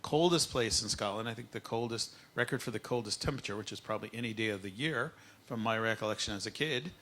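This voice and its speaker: A man teaching a live whisky tasting masterclass at an expo, playful and lively, drawing out words for effect. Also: lowish voice, fast, a little hiss or hum. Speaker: whisky educator.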